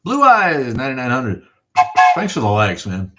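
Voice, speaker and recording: A man's voice: mid-range voice, huge pitch swings, moderate pace, a bit bright, soft background music. A middle-aged man hosting a casual livestream, thanking viewers and ranting in a profane, rambling way. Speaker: livestream host. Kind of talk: casual livestream chat reading viewer comments.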